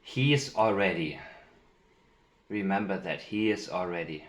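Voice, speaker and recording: A man commenting on interview clips, speaking in a deliberate, emphatic way and repeating key phrases. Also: deep voice, lively intonation, roomy sound. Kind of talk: analytical commentary with played clips.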